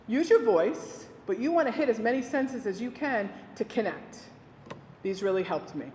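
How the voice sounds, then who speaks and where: Woman giving a care talk, tells stories w/ quotes, big roomy reverb. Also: moderate pace. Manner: animated storytelling, quoting residents. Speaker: dementia care educator. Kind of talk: storytelling presentation. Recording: echoey hall with faint rumble.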